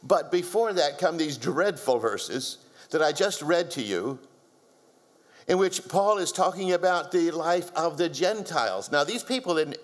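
A man preaching a sermon in an earnest way, building up to strong emphasis. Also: on the high side. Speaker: pastor.

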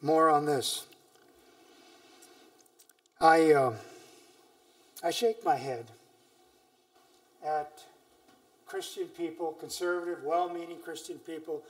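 A man's voice: on the high side, slow pace, long pauses, distant mic. A man preaching a sermon in church, reading scripture emphatically between hesitant, searching remarks.

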